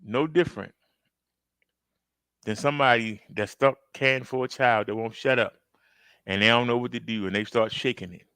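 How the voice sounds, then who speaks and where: A man's voice: mid-range voice, normal speed, long pauses, bright, forceful tone, clear, resonant tone, no echo. A man hosting a reaction video, talking casually and emphatically to his viewers and acting out outbursts as he tells a story. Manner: conversational, addresses viewers directly. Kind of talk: casual commentary.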